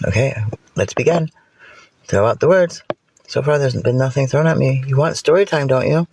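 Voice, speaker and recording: A man's voice: mid-range voice, moderate pace, vocal fry, a little mellow, breathy edge. A man streaming from inside a car, spinning playful, rambling made-up stories in a theatrical way. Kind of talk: rambling improvised storytelling. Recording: noisy car interior.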